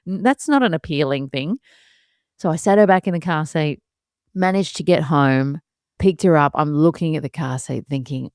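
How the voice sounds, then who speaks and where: Woman in her 30s, low register, dry close sound; chatty mum-storyteller, animated, laughs easily, plays out her own thoughts. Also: normal speed, no room sound. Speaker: podcast host and mother. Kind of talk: casual storytelling monologue.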